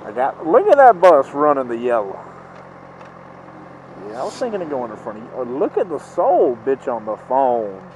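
A young male vlogger wearing a helmet rides a motorcycle through city traffic, sarcastically ranting and swearing at other drivers. His mid-range voice is sing-song at normal speed, captured lo-fi by a mic inside the helmet amid loud road, traffic, and engine noise.

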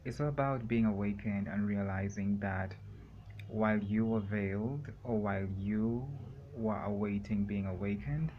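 A man talking alone in a room for a rambling solo vlog, meandering and halting with many fillers and pauses. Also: on the low side, narrow, tinny audio, slight background noise. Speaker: vlogger.

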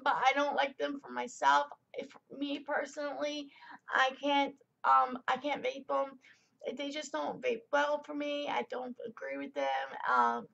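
A woman's voice: sits high, gravelly, a bit bright, highs cut off. A young woman rambling through a casual product review vlog in a chatty way, full of fillers and tangents.

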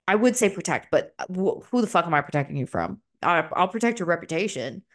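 A young adult woman hosting a solo podcast, talking openly and emotionally and swearing freely, her voice jumping up high when she gets excited. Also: fairly quick. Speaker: podcast host. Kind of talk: solo confessional podcast talk.

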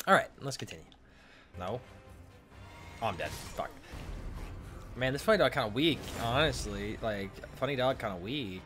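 A man's voice: mid-range voice, expressive, fairly quick, pauses often, fairly bright tone, soft background music. A young man commenting casually on his own gameplay, swearing and breaking into frustrated outbursts. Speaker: gaming streamer.

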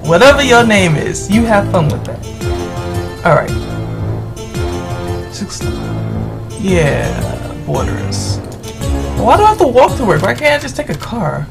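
A gamer giving rambling, exasperated commentary while playing, yelling at the game's characters. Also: mid-range voice, very animated, measured pace, gravelly, pauses often, over music. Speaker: let's play gamer. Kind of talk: gameplay commentary.

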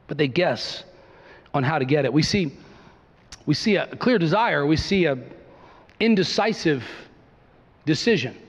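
A pastor in his thirties preaching a sermon in a church with emphatic, repeated phrases. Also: a little high. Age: 30s. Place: church sanctuary. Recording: reverberant church hall, dull sound.

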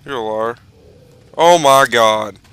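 A man's voice: medium pitch, slow, fairly bright tone, poor audio. A man chatting casually while playing and recording a co-op game, teasing his friend. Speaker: gamer recording the session. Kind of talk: casual co-op gaming chat.

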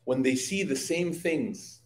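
A man giving an evening religious study talk, telling lively stories and speaking directly to his audience. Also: mid-range voice, slow, echoey room. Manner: lively anecdotal storytelling, addressing audience. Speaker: religious teacher. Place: community hall.

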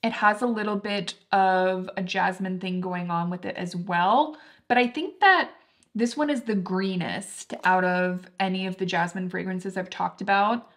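A woman's voice: mid-range voice, unhurried, a bit bright. A young woman talking casually and enthusiastically about her favorite products, full of fillers like "like". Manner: chatty, filler-heavy, enthusiastic. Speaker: beauty vlogger.

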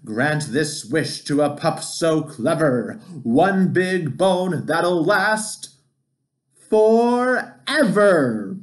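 A man's voice: medium pitch, expressive, slow. A man doing a clumsy young genie. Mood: chanting. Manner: sing-song when chanting spells, sheepish otherwise. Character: newly graduated young male genie, eager and unsure.

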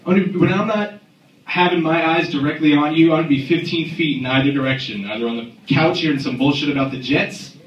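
A man doing a crude, animated stand-up set in a comedy club, recorded on a phone from the audience. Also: a little high, fast, roomy sound, dull audio. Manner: crude, animated storytelling with acted-out voices. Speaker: stand-up comic.

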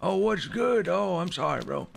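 A man's voice: high-pitched, sing-song, moderate pace, gravelly. A man hosting a gameplay video, chatting with strangers in crude, swear-filled, teasing banter. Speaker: gaming video host. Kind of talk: casual gameplay chat with strangers.

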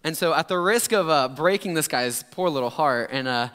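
A man's voice: a little high, normal speed, clean tone. A young adult male pastor giving a casual, chatty sermon with slang and loose storytelling. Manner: relaxed, chatty, laid-back slang. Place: church sanctuary. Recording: long church hall reverb.

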